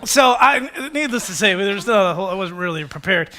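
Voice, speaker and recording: Pastor, male, forties; high, ringing voice; animated, self-mocking storyteller. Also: a little fast. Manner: animated, self-deprecating, acts out quotes. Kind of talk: storytelling sermon. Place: church stage.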